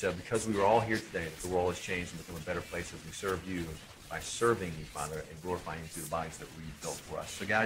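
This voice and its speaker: A man's voice: deep voice, noisy background. A man leading a fervent spoken prayer for an audience in an event hall. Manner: fervent, fast-flowing.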